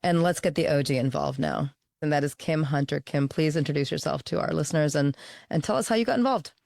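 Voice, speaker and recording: A woman hosting a podcast interview, brisk and conversational. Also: deep voice, vocal fry, a little mellow, no room sound, studio quality. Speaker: podcast host.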